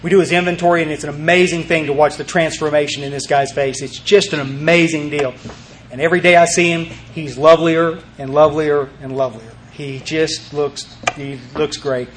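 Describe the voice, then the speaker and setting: High-voiced man telling a recovery story. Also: steady tone, brisk, slight background noise. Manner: emphatic, rambling, with repeated words and restarts. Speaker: recovery meeting speaker. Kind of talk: storytelling talk to a group.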